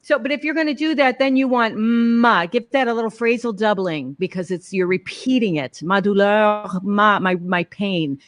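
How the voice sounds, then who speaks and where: A woman's voice: a little high, moderate pace, hardly any pauses. A woman teaching a voice master class over a video call, encouraging and sometimes sounding out phrases in French. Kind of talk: live-streamed master class coaching.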